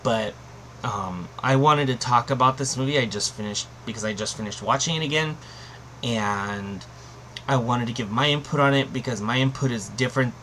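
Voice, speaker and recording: A man talks through a casual review at a middling pitch, rambling and restarting, then landing hard on emphatic claims. A faint hum of room ambience sits under his voice. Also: normal speed, bright, forceful tone. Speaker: anime reviewer.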